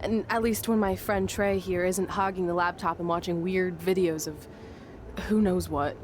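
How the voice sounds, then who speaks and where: A woman's voice: lowish voice, fairly even intonation, moderate pace, slight background noise, natural voice. An actress voicing an intense, hotheaded young female wrestling trainee in a game cutscene. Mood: friendly. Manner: cheerful, flaring into menace. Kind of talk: video game cutscene acting.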